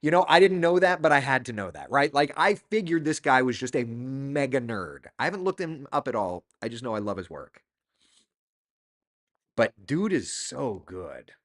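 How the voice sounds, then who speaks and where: A man's voice: medium pitch, sing-song, a little fast, few pauses. A middle-aged man hosting a casual live chat, reading out viewer comments and talking loosely about books. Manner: chatty, reads viewer comments aloud. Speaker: host.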